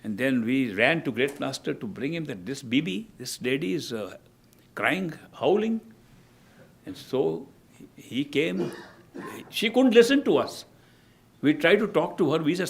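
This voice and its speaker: An older man giving a spiritual discourse as a teacher, telling stories in a measured way and often restarting his phrases. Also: on the high side, sing-song, gravelly.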